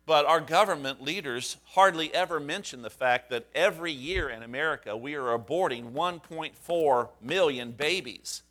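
A man's voice: a little high, normal speed, few pauses, fairly bright tone. A man, a pastor, preaching a sermon in a conversational, storytelling way with fillers and restarts.

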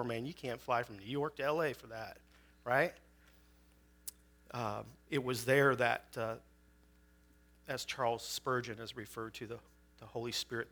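A man's voice: mid-range voice, fairly bright tone. A man in his forties from Chicago, preaching as a guest speaker with personal testimony, conversational, with joking asides and frequent fillers.

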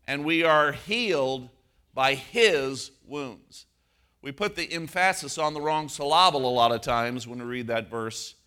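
A man preaching a sermon as pastor, moving from a personal story to emphatic, slowed stress on key words. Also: mid-range voice, pushed and bright.

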